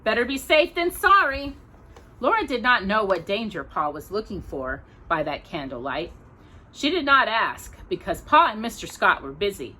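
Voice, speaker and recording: A woman hosting a storytime, reading a children's novel aloud in a gentle, expressive way. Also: medium pitch, breathy edge. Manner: gentle and expressive, pausing for coughs. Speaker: storytime host.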